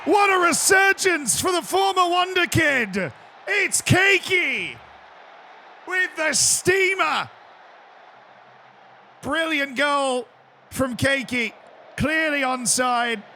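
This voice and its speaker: Hype football commentator, put on by a man, yelling stretched-out calls, high pitch. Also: expressive, slight background noise, full character voice. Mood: ecstatic. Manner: shouting, drawn-out calls. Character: excitable male football commentator.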